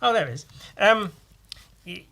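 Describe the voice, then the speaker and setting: A man's voice: sits high, lively intonation, measured pace, creaky, pushed and bright. A man hosting a podcast, rambling casually with crude, self-mocking humour while he draws. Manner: talks while drawing. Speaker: podcast host.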